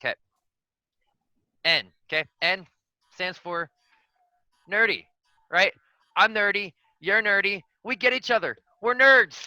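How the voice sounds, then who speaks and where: A man doing a cocky, boastful candidate with a very bright, tense voice, bragging and joking crudely in a dry, close-sounding room. His pitch jumps up when he boasts. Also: takes it slowly, long pauses, no echo, full character voice, poor audio. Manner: boastful, swaggering, crude jokes. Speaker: player giving a joke campaign speech. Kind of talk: comedic in-character campaign speech.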